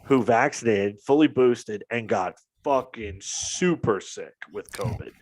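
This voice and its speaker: A man co-hosting a casual talk show, telling stories in a profane, animated way and acting out what others said. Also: medium pitch, a little slow, dry recording. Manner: profane, animated storytelling with quoted dialogue. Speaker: podcast co-host. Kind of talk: casual chat.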